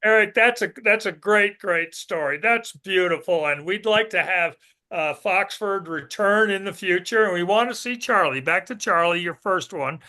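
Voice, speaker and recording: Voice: medium pitch, moderate pace, bright, forceful tone. A podcast co-host asking a guest questions in a casual, rambling way. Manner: friendly rambling questions, laughs often. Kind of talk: casual interview.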